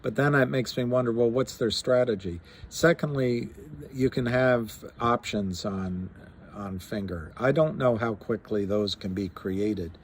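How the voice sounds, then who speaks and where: A man's voice: medium pitch, measured pace, a little hiss or hum. A man hosting a live stream, chatting casually and rambling with many fillers and restarts, reading figures aloud. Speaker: livestream host talking stocks.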